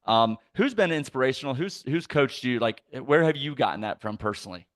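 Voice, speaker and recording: A man's voice: medium pitch, expressive, a little fast, dry recording, studio quality. A man hosting a business podcast, casual and affirming, restarting his sentences often. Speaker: podcast host. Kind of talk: interview chat.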